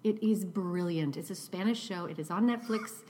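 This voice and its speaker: A woman guest in a casual podcast chat, animated, scattered and self-deprecating. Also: lowish voice, moderate pace, long reverb tail, a little hiss or hum. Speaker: guest actress.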